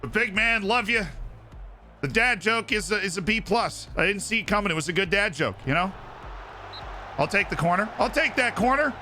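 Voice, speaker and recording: A male streamer giving lively, excitable commentary on a football management game as he plays live, shouting at his players on screen. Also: high-pitched, moderate pace, faint music behind.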